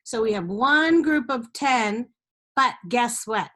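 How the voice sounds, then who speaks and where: A woman's voice: on the high side, lively intonation, slow pace, a bit bright. A woman teaching a step-by-step math lesson to young children, patient, with sing-song chants and frequent check-ins.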